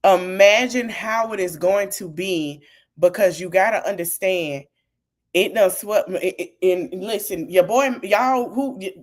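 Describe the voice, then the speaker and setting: A woman hosting a podcast, talking to her audience in an animated, casual way about politics and laughing often. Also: mid-range voice. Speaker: podcast host.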